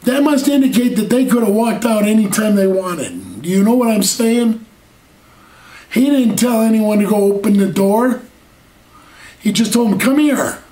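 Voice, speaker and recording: This preacher's voice sits high and dark in tone, with lively intonation at a normal pace. He earnestly elongates key words and raises rhetorical questions, captured by a far-off mic in an echoey room.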